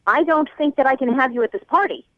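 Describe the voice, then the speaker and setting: A woman's voice: high voice, fast talker, dry recording. A woman speaking on the phone, exasperated and insistent. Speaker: caller pranked on the phone. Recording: tinny phone line.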